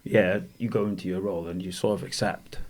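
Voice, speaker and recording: A man's voice: deep voice, level tone, brisk, a little mellow. Chatty man telling stories. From Wales. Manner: rambling, laughs through his stories. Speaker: guest, former professional boxer. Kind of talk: casual storytelling in a podcast interview.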